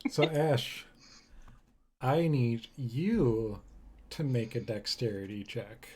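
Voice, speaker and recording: A man narrating as game master of a tabletop game, pausing often with ums. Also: mid-range voice, expressive, a little mellow, a little hiss or hum. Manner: hesitant, with frequent ums.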